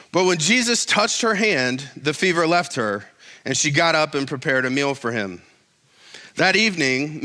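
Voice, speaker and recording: A man preaching a casual, conversational sermon in a church, telling stories and getting animated. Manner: conversational and animated, tells stories, rises high when excited. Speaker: pastor.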